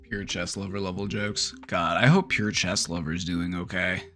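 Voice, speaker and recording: A man's voice: sits low, steady tone, normal speed, fairly bright tone, soft background music. A man hosting a livestream, talking casually and bluntly to his chat, swearing freely. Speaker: livestream host.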